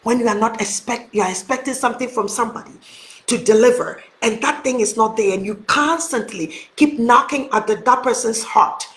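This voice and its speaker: A woman's voice: a little high, a little fast, fairly bright tone. A woman hosting a motivational talk, speaking earnestly and emphatically straight to her viewers. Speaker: host. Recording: roomy echo.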